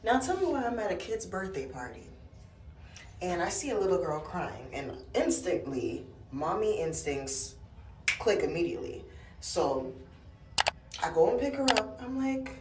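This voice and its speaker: A woman's voice: on the low side, moderate pace, slight background noise. A woman casually telling a story and acting out the dialogue. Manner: animated, acts out the dialogue. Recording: roomy echo, from a distance.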